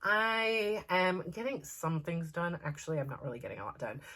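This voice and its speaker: A woman's voice: lowish voice, sing-song, normal speed, fairly bright tone. A woman in her forties hosting a personal vlog, talking candidly and casually. She rambles a little and leans on "like" as she talks. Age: 40s. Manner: candid and chatty, full of "like" fillers. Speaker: host.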